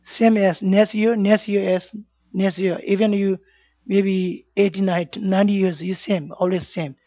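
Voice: medium pitch, steady tone, normal speed, no echo. Buddhist teacher, plain broken English, keeps checking in with the class; dull, dry lo-fi recording. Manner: simple broken English, frequent checks like "yeah?" and "you know". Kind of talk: informal Dharma class talk.

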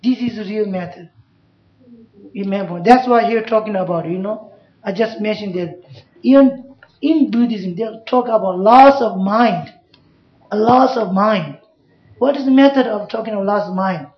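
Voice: mid-range voice, unhurried, pauses often. Buddhist teacher in broken English. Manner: simple broken English, frequent checks with "you know" and "yeah?". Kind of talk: Dharma class talk. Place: class room. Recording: echoey, dull room recording.

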